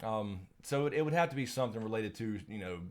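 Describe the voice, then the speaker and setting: A man's voice: lowish voice, animated, fast talker. A man hosting a casual live stream, rambling with lots of fillers and restarts, laughing often, and reading out viewer names and questions.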